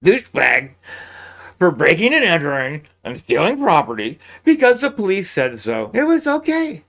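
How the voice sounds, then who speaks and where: A man's voice: a little high, sing-song, moderate pace, gravelly, pushed and bright. A man giving sarcastic, incredulous commentary on a crime case, talking close to a mic. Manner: sarcastic, incredulous, laughs often. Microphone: close mic, peaking.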